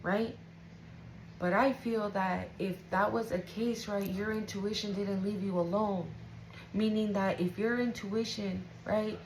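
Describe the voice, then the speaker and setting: A woman's voice: medium pitch, slight background noise, rough recording. A woman giving an intuitive tarot reading to her viewers, casual and emotional, swearing freely and often checking in with "right?". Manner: casual, profane, emotional, keeps asking "right?". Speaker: tarot reader.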